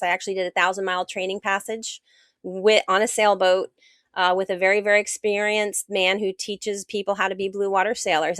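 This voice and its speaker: A middle-aged American woman with a mid-range voice, recorded dry, is a guest author and sailor telling her story in a casual interview. She's animated and acts out the dialogue of others as she quotes them.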